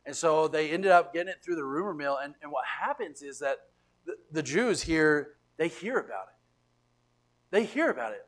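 A pastor preaching a sermon, animated, often repeating words and swinging between quiet asides and loud emphasis. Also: male voice, a little high, moderate pace. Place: church sanctuary.

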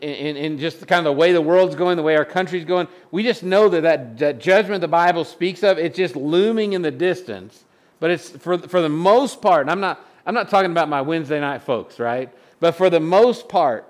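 A man with a fairly high voice teaches scripture like a pastor at a midweek Bible study. He talks informally and earnestly, reads the old verses aloud, and often stumbles and restarts as he explains.

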